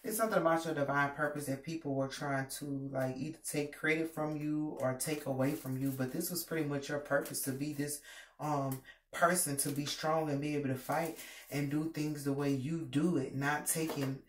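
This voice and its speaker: A woman giving a casual tarot reading, animated and emphatic, with plenty of profanity. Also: low-pitched, normal speed. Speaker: tarot reader. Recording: roomy, distant mic, faint noise.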